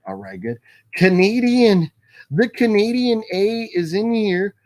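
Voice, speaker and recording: A man's voice: sits high, big pitch swings, unhurried, darkish tone. A man hosting a casual live stream from his home, chatting loosely, reading out viewer names and laughing often. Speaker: livestream host. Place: home room with his movie collection.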